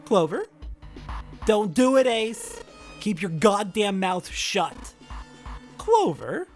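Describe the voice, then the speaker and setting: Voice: high voice, huge pitch swings, normal speed, faint music behind, pitched above the performer's own voice. A performer doing an urgent, alarmed young man.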